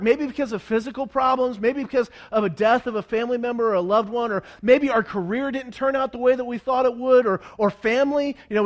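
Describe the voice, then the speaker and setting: Man, preacher, high voice, animated storytelling, frequent restarts, acted-out quotes. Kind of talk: storytelling sermon to a congregation.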